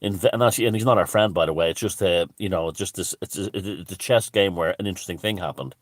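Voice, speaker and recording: A man's voice: deep voice, fast talker, no echo. A man delivering a crude, scornful ranting monologue as a commentator, swearing heavily. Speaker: alternative-thinking commentator.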